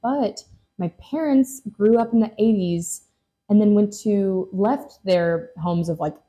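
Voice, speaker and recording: A woman's voice: medium pitch, a little slow, dark tone. A young woman from Lexington, Kentucky, hosting a casual interview and talking in a loose, chatty way full of "like" and "you know.". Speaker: podcast host.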